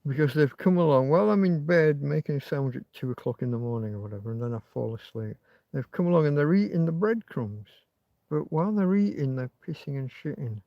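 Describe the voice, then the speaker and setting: A man's voice: fairly high pitch, lively intonation, fairly quick, vocal fry, no room sound, muffled recording. A man hosting a casual livestream from inside a tent, rambling and swearing freely. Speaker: livestream host.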